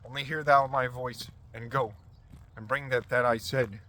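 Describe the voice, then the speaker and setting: A man's voice: mid-range voice, steady tone, moderate pace, bright, forceful tone, a little hiss or hum, natural voice. A man reading as a scheming mother. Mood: urging. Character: scheming mother, middle-aged woman. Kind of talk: scripture reading.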